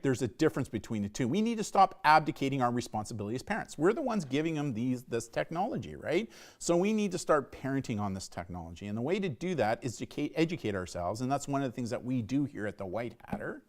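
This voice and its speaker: A middle-aged man giving a live online safety talk to parents, emphatic and often tagging his points with "right?". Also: medium pitch. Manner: emphatic, repeats "right?" as a tag.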